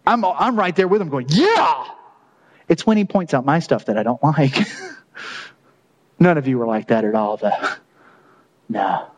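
A man's voice: medium pitch, expressive, moderate pace, pauses often, slight background noise, poor audio. A man preaching a sermon in a conversational, joking way, laughing at his own asides. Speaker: pastor.

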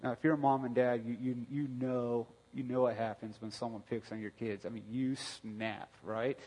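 Husky man preaching in a reverberant hall. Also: mid-range voice, little pitch movement, normal speed. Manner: storytelling, conversational, many restarts, bursts of loud outrage. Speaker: pastor. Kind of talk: sermon.

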